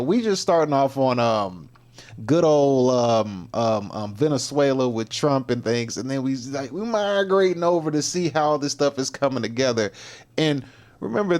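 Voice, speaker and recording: A man's voice: medium pitch, a little mellow. A man hosting a casual livestream who talks in loose slang, laughs often and repeats himself. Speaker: livestream host.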